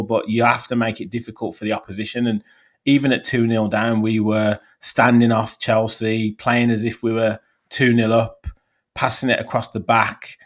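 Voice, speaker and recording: A man, a guest fan on a football podcast, ranting bluntly about his team. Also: fairly low pitch.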